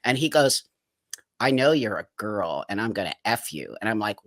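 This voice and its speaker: A man's voice: fairly low pitch, normal speed, dry recording. A middle-aged man speaking as an interview guest, telling his life story frankly and with energy, sometimes acting out other people's voices. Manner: frank, lively, acts out voices in anecdotes. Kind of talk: candid personal storytelling.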